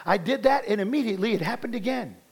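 A male preacher with a notably high voice, delivering a sermon as a personal testimony. He speaks fervently and circles back on his words as he drives a point home. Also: lively intonation, fast, breathy edge. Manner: fervent, repeats words when building a point.

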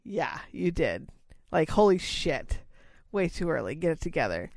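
A woman's voice: sits low, sing-song, measured pace, creaky, darkish tone, no echo, clean studio sound. Teasing woman in her thirties. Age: 30s. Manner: teasing, blunt banter. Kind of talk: casual chat.

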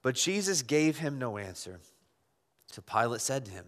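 A man's voice: mid-range voice, big pitch swings, normal speed. A man pastor preaching an impassioned sermon, pressing his listeners with rhetorical questions. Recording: long hall reverb.

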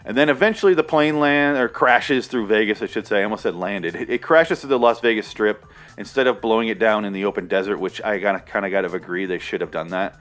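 A man's voice: fairly low pitch, quick pace, fairly bright tone, soft background music. A man casually reviewing a movie, rambling and sarcastic, with a lot of swearing.

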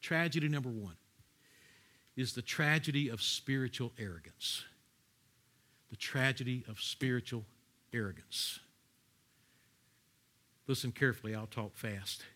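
A man preaching a sermon, explaining scripture in an animated way and acting out voices with sudden loud outbursts. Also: mid-range voice, a little slow, pauses often. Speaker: pastor.

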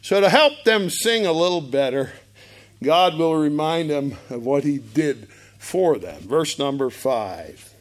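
A man preaching a sermon, emphatic and animated, with bursts of loud emphasis. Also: a little high, a little slow. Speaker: pastor.

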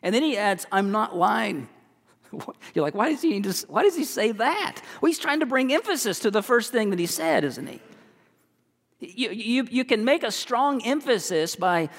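A man preaching a sermon as pastor, earnest and halting, repeating words as he goes. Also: sits high, in a large hall. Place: church.

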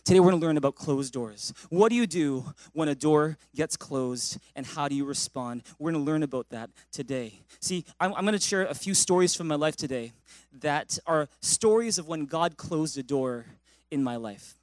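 A man pastor preaching a sermon, telling a story in an animated way with frequent restarts. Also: fairly high pitch, normal speed, dry recording.

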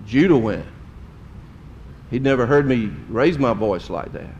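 A middle-aged man preaches in a homespun, storytelling way and lets emotion show. His pitch sits in an ordinary middle range. Faint background noise runs under his voice. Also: lively intonation, unhurried, a little mellow, muffled recording. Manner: folksy, emotional storytelling with drawled Southern phrases. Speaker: pastor. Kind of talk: sermon storytelling.

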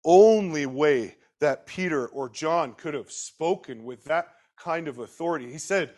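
A man preaching a sermon in a fairly high voice. He surges into loud, emphatic bursts, then drops into quiet, slowed asides. He keeps turning to his listeners with direct questions.

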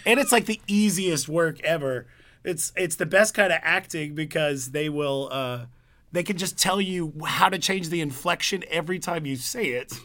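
A young man, a voiceover performer, chatting casually and telling animated stories. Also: fairly high pitch, moderate pace. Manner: animated storyteller, breaks into announcer voices. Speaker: podcast guest, voiceover performer. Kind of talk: casual chat.

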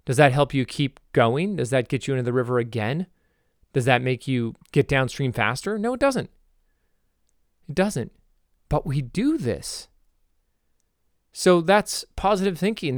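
A man's voice: a little high, clean tone, dry recording, clean studio sound. A man hosting a motivational podcast monologue, rambling, correcting himself and cracking jokey asides. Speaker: podcast host.

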